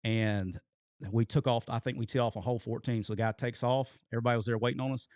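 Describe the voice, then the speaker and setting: A man, co-hosting a show and telling a long story in an animated way, swearing casually. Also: medium pitch, fast talker, smooth, dry recording, clean studio sound. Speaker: co-host telling a coaching story.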